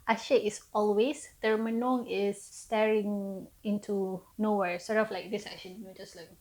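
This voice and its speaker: A woman gives a relaxed online language lesson. She explains each phrase in a chatty, easygoing way and drops self-mocking asides. Her voice sits at an ordinary pitch. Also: a little slow, low-quality recording. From Malaysia. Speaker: language teacher.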